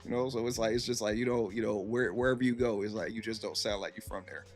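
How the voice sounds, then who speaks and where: A man's voice: lowish voice, fast talker, soft background music. A man from Virginia chatting casually on a live stream. He rambles with plenty of fillers and laid-back slang.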